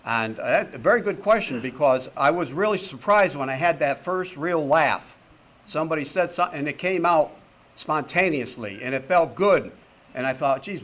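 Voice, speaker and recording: Speaking to a recovery meeting, a septuagenarian from Connecticut, USA trades in jokes and stories, wisecracking and swearing freely. His voice is fairly high and fairly bright, and the archive talk recording carries faint background noise.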